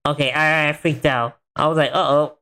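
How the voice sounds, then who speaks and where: A man's voice: on the high side, fairly even intonation, normal speed, sharp tone, smooth. A man streaming a game, chatting casually in a rambling way full of filler words. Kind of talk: casual chat while gaming.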